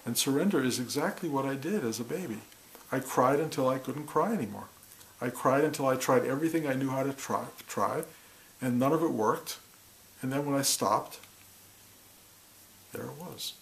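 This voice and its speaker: A man giving a slow, reflective spiritual talk, speaking softly and often dropping to a near whisper. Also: medium pitch, gravelly, a little hiss or hum, poor audio. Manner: slow, soft, intimate, drops to near whispers.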